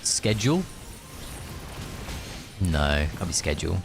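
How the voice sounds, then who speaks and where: A man's voice: low voice, very animated, slow, gravelly, over music. A British man chatting casually on a live game stream, playful and musing aloud as he talks.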